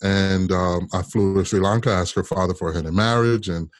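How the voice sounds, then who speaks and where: A man from Kansas, a state senator, telling a personal story as an interview guest in an animated way, often repeating words as he goes. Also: sits low, brisk, no room sound. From Kansas, United States.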